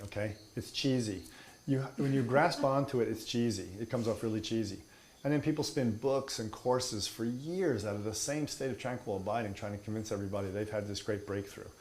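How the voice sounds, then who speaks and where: A man's voice: mid-range voice, moderate pace, darkish tone, a little hiss or hum. A man teaching meditation in an emphatic, playful way, mixing in humor and mockery. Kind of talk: spoken teaching.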